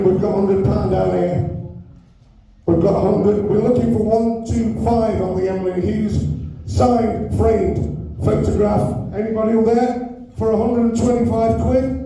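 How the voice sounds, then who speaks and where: A British man works a live auction in a big hall, calling bids and ribbing the crowd. His voice sits high and very dark, almost muffled. He is caught from far off, with heavy booming echo all around him. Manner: loud, joking banter with the crowd, pushing for bids. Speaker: charity auctioneer at a fan evening. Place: large echoey function hall with an audience.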